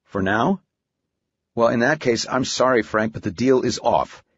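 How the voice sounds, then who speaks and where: A man voicing a shrewd, calculating middle-aged bank manager who speaks in a measured, deliberate, confident way, in an audiobook. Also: mid-range voice, breathy edge, dry recording. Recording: dry, slightly dull studio audio.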